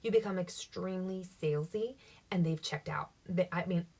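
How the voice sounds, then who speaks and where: Husky-voiced woman giving chatty sales tips. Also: fairly low pitch, normal speed, darkish tone. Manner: chatty, upbeat, acts out sample dialogue. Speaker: direct-sales team leader coaching her team. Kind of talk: casual instructional talk. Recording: voice somewhat distant from the mic.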